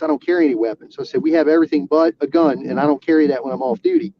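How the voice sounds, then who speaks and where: A man, an auxiliary police officer, telling a personal story in casual talk, halting with restarts and fillers. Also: a little high, animated, a little hiss or hum. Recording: dull lo-fi sound.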